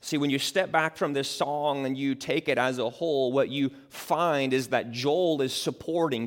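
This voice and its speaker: A man's voice: mid-range voice, measured pace, few pauses. Man preaching in an echoing hall. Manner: building from hushed prayer to emphatic preaching. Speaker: pastor. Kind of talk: sermon. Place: church. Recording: long reverb of a large hall.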